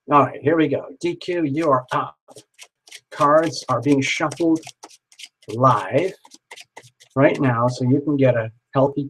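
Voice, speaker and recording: A man hosting a live tarot reading stream, talking in a chatty, excitable way and joking with his viewers. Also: medium pitch, slight background noise, low-quality recording. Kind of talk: casual live-stream chat.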